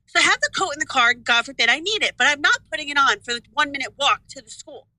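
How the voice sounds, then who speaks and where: Bright high-voiced woman, exasperated. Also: expressive, quick pace, no echo, poor audio. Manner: exasperated storytelling. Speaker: listener sending a question. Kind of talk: recorded listener question.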